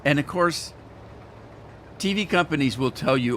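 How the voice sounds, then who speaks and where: A man's voice: medium pitch, big pitch swings, unhurried, a bit bright, a little hiss or hum. A man hosting a gaming channel, chatting casually and rambling in a folksy way while he plays. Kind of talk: casual let's-play commentary.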